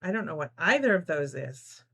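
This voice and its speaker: A middle-aged woman from New Jersey hosts a relaxed live sew-along. Her voice sits a little low, and she chats easily, laughs often and reads viewers' messages aloud while she works. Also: normal speed. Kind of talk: casual live-stream chat while sewing.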